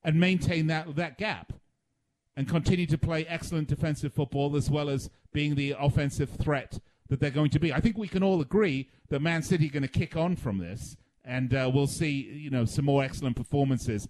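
A man hosting a radio soccer talk show, brisk and inviting listeners to call in. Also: a little high, a little mellow. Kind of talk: casual radio sports talk.

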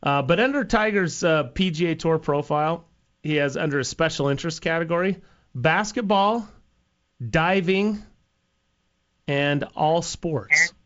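Wry deadpan man, slightly high voice. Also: unhurried, muffled recording. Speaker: golf broadcast commentator. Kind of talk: casual broadcast banter.

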